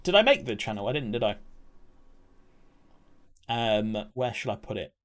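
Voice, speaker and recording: A man's voice: medium pitch, very animated, normal speed, a bit bright. Chatty man streaming live. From England. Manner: chatty, laughs often, reacts to chat. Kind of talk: casual live-stream chat.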